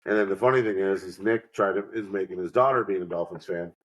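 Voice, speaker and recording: A New York man co-hosts a podcast in a fairly low voice, chatting casually and spinning loose, rambling anecdotes. He slips into quick impressions of the people he quotes, then returns to an easy, offhand tone. The audio quality is poor.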